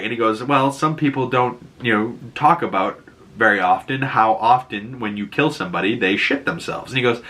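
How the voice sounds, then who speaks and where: Man, Boston accent, casual recap host, bright tone, mid pitch, laughs a lot, acts out quotes. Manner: laughs often, acts out characters' lines in quick bursts.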